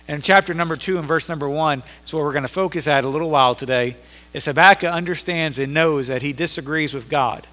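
A man's voice: a little high, a little fast, pushed and bright. A man preaching a sermon as pastor, reading scripture aloud and growing emphatic as he preaches. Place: church sanctuary. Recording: echoey hall reverb.

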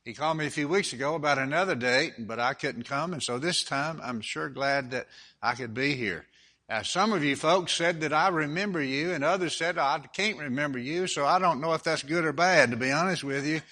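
Older Southern preacher with a bright voice. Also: male voice, fairly high pitch, fairly quick. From Alabama. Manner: folksy humorous storytelling, then reading Scripture with rising force. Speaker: guest preacher. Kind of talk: sermon.

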